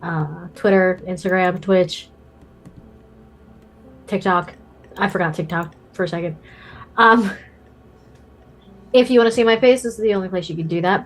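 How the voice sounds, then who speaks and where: A woman's voice: on the low side, normal speed, long pauses. Playful woman plugging her socials. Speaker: player. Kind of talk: casual plug on a stream.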